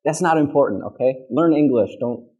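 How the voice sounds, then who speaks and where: A man's voice: medium pitch, brisk, warm tone, husky, muffled recording. A man with a Midwestern American accent teaching English pronunciation, modeling sounds and checking in with the class. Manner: patient, checks in with "okay?" constantly; demonstrates sounds by modeling words aloud. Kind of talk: classroom lesson.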